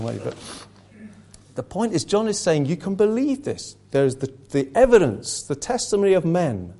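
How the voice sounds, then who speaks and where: A man's voice: fairly high pitch, mellow, slight background noise. A man preaching a sermon, earnest and emphatic, reading questions aloud to his congregation.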